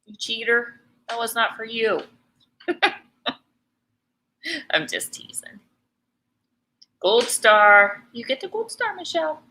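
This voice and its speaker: Chatty middle-aged woman, bright ringing voice, teasing painting teacher on a live stream. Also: on the high side, lively intonation, unhurried, a little hiss or hum, poor audio. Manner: chatty, teasing, laughs often. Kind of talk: live painting tutorial chat.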